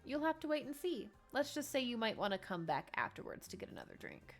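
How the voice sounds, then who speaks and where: A woman's voice: on the high side, big pitch swings, fairly quick, soft background music, pitched above the performer's own voice. A woman voicing a friendly tavern innkeeper in a game, speaking in a hospitable, lightly teasing way. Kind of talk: reading game dialogue aloud.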